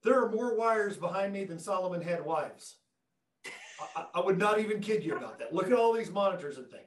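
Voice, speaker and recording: A man's voice: high voice, animated, fairly quick. A man presenting a live webinar from his classroom, joking and talking straight to viewers as he demonstrates the equipment. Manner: enthusiastic, joking, talks to viewers directly. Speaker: education technology presenter. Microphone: room conference microphones at a distance. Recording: echoey classroom audio.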